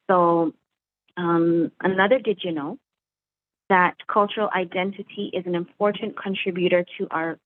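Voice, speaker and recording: A woman hosting an online community discussion, reading out facts and inviting the guests to share. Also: lowish voice. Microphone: video call. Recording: tinny call audio.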